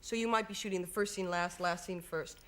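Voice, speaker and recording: Young american actress on a tv chat show, giggly, tells stories all animated. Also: female voice, lowish voice, a little fast. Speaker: film actress guest. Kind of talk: studio chat show interview. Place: television studio.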